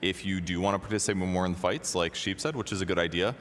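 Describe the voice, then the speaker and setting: A man analyzing an esports match in a measured, analytical way. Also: deep voice, steady tone, fairly bright tone, big-room sound, a little hiss or hum. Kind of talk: analyst desk talk. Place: convention center stage.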